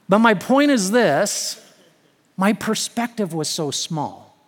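A man preaching a sermon, telling a personal story with humorous asides and building to emphatic declarations. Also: on the high side. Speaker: pastor. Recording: long hall reverb.

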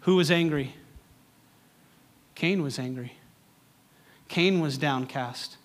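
A man's voice: on the high side, slow. Man preaching with rising intensity. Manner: builds from quiet reflection to rising, impassioned exhortation; repetitive, rhythmic preaching cadence. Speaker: pastor. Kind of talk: sermon.

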